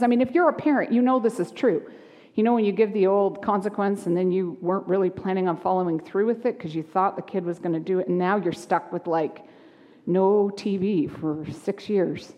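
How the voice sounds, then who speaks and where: A woman's voice: mid-range voice, brisk. Woman preaching in a reverberant hall. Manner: expressive, shifts from hushed to lively. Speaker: pastor. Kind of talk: sermon. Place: church sanctuary.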